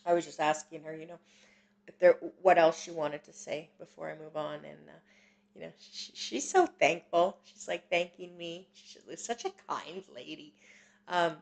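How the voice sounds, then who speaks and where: Soft-spoken woman with a gravelly flat voice. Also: lowish voice. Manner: gentle, reassuring, halting with many fillers. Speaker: psychic medium host. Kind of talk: live-stream reading, casual chat.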